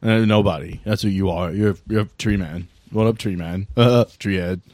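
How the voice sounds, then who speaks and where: A man voicing an excitable young male vape bro who gushes in breathless bro-speak. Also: on the low side, moderate pace, no room sound, lightly acted. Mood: sulky.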